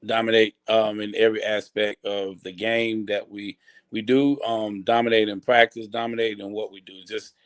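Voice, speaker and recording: Low-voiced coach with lots of ums. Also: male voice, level tone, moderate pace. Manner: hesitant, many ums and restarts. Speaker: football coach. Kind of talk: casual interview answers.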